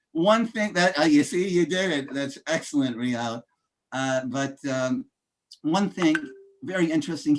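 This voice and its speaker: Male motivational speaker with a high voice, emphatic, rally-style delivery with frequent pauses and fillers. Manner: emphatic, addresses audience as ladies and gentlemen, fillers. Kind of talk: motivational speech.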